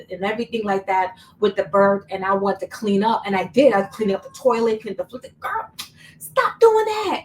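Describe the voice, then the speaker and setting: A young woman tells a personal story in a casual, chatty vlog, repeating words for emphasis. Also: mid-range voice. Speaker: vlogger. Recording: slightly distant mic, faint room noise.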